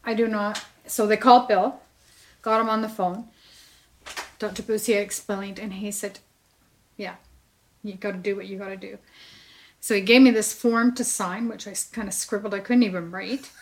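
A woman's voice: medium pitch, steady tone, normal speed. A middle-aged woman sharing a personal testimony, telling her story with animation and acting out what people said. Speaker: church member sharing testimony.

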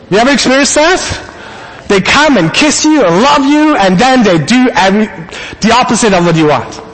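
A man preaching a sermon, telling a family story with animated quoted asides. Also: very high-pitched, in a large hall, low-quality recording. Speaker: pastor.

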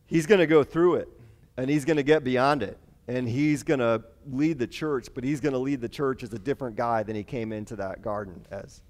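A man's voice: medium pitch, a little fast. Man retelling Bible stories animatedly. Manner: animated storytelling with asides and fillers. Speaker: Bible study teacher. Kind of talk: conversational Bible lesson.

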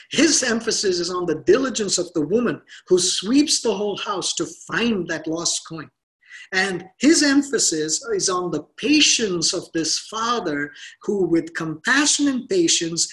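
A middle-aged man preaching a sermon, earnest and slowing to stress key words. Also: on the high side, fairly bright tone. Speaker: pastor.

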